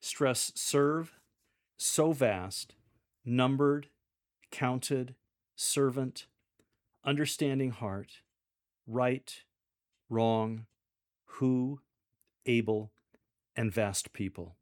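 A man giving measured, deliberate instructions on how to read scripture aloud to a congregation. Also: medium pitch, steady tone. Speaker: lector coach. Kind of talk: instructional coaching on scripture reading.

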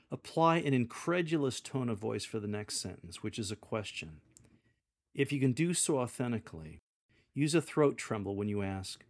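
A man giving measured, deliberate instructions on how to read scripture aloud to a congregation. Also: mid-range voice, very animated, darkish tone. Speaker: lector coach. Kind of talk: instructional coaching on scripture reading.

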